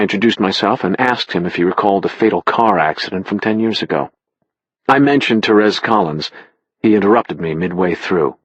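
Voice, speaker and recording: A man narrating an audiobook in the first person with a wry, expressive delivery. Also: deep voice, fairly quick, breathy edge, no echo, dull audio.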